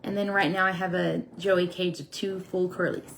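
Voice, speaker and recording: Chatty woman with a gravelly voice. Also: on the low side, little pitch movement, moderate pace, slight background noise. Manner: chatty, talks to her viewers and scolds her dogs. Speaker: sugar glider breeder and live stream host. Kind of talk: casual live-stream chat while building. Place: home.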